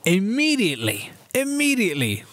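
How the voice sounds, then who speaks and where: A man's voice: high voice, wildly swooping pitch, normal speed, a bit bright, no room sound. Rambling man, dry close sound. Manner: rambling, self-deprecating, with frequent fillers. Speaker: podcast co-host. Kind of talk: casual chat recapping a video game season.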